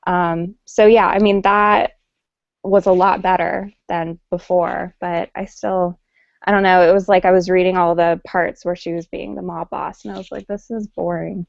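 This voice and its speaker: A woman's voice: on the low side, flat delivery, moderate pace, vocal fry, dry recording. A woman chatting casually about comics on a video call, giving rambling, hesitant opinions. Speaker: panelist. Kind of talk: casual chat. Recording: dull lo-fi online call.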